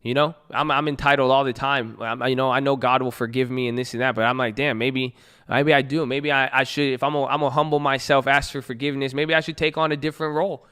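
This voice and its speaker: A man's voice: medium pitch, fairly even intonation, fast talker, smooth. A man hosting a trading group, reading a parable aloud and then riffing on it in a loose, slangy motivational talk. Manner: reads a parable then riffs on it with slang and loud jokes.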